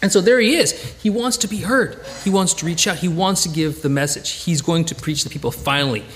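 Lively man preaching a sermon. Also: fairly high pitch, fairly quick, in a large hall, a little hiss or hum. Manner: lively, many restarts and "you know". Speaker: pastor.

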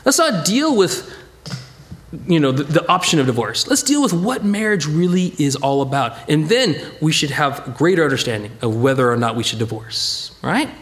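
A middle-aged man, preaching a Bible study sermon in a conversational, animated way and acting out quotes. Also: on the high side, normal speed. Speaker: pastor teaching a Bible study.

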